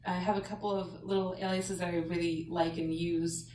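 A woman's voice: fairly low pitch, little pitch movement, normal speed, mellow. A woman co-hosting a casual tech chat, upbeat and playful. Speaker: co-host. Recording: roomy, distant mic, faint background hum.

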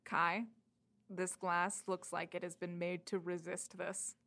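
A woman narrating a tabletop game as game master, in a calm, matter-of-fact way. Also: on the low side, takes it slowly.

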